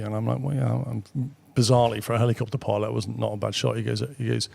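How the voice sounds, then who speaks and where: A middle-aged British man, a guest on an interview show, telling anecdotes casually with quick asides and the odd swear. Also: mid-range voice, little pitch movement, creaky, darkish tone. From Britain. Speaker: guest, former military pilot. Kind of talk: casual storytelling.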